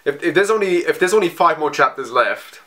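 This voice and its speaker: A man giving casual reaction commentary on a comic, emotional and excitable, rambling with many restarts. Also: a little high, brisk. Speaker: manga reaction vlogger. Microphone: phone.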